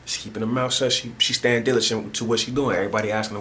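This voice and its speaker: A vlogger talks quickly in a low, steady, sharp voice, rambling at home and using heavy street slang as he repeats himself. There's slight background noise in the casual monologue.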